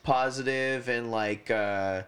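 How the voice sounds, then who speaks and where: A man's voice: medium pitch, fairly even intonation, slow, fairly bright tone. A man hosting a casual late-night chat, rambling through his opinions with lots of swearing and fillers. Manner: rambling and profane, heavy on fillers like "you know what I mean". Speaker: podcast host.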